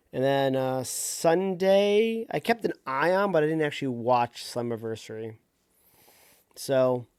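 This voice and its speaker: A man's voice: medium pitch, darkish tone, clean tone, no echo, studio quality. A man co-hosting a casual wrestling podcast, rambling loosely and laughing easily. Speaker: podcast co-host.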